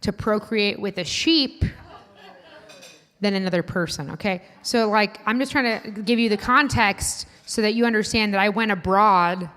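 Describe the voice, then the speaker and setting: A woman from Indiana performing a stand-up comedy set, chatty and self-deprecating, building to loud punchlines. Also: mid-range voice, normal speed, long reverb tail. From Indiana, USA. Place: comedy club stage. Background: live audience.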